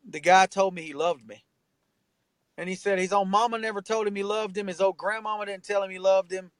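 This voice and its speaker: Earnest high-pitched man, swearing freely. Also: no room sound, poor audio. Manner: earnest, emphatic, swears freely, ends phrases with "man" and "bro". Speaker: rapper and tattoo artist, guest. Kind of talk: candid interview talk.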